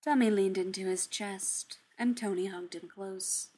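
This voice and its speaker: A woman reading fan fiction aloud in a soft, unhurried storytelling manner. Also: medium pitch, slightly rough. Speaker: narrator.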